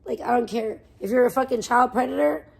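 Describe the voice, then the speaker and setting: A woman livestreaming, ranting in a profane, defensive way that swings between muttering and loud outbursts. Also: fairly high pitch, brisk, gravelly, slightly rough. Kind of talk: casual livestream rant.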